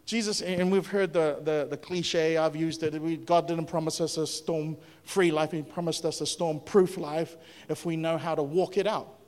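A man preaching a sermon as a pastor, in a lively, conversational way, often asking his audience questions. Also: fairly high pitch, normal speed, big-room sound. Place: church hall.

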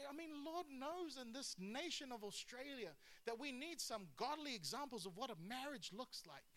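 A man preaching a lively sermon with humor and asides. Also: very high voice. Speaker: pastor.

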